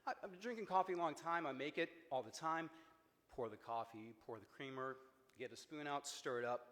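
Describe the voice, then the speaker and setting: A man from Cincinnati giving a personal memorial speech, storytelling with humor and jumps in pitch for emphasis. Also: a little fast, fairly bright tone. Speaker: eulogy speaker, friend of the deceased. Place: memorial service hall. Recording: echoey hall with long reverb.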